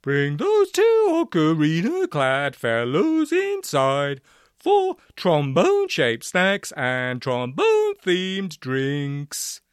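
A man putting on a booming, pompous villain. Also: huge pitch swings, smooth, no room sound, clean studio sound, heavily acted. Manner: booming, drawn-out, theatrical.

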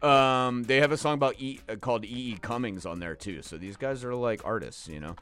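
A man's voice: medium pitch, brisk, fairly bright tone. A man hosting a radio show, talking casually and loosely about the records he just played, drifting into jokey asides. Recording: faint music behind the voice.

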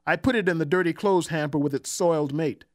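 A man narrating a first-person literary story in a measured, wry, reflective way. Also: on the high side, darkish tone.

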